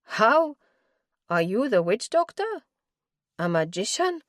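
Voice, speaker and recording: A woman's voice: a little high, big pitch swings, takes it slowly, no echo, studio quality, voice pushed up. A woman voicing a distraught young woman accused of murder, pleading in a raised, breathless way. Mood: wary.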